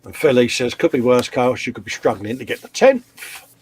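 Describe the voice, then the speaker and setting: A man's voice: medium pitch, big pitch swings, normal speed, breathy edge, no echo. A man hosting a live model-building stream, joking and reading out viewer comments in casual banter. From England. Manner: jokey, reads viewer comments aloud.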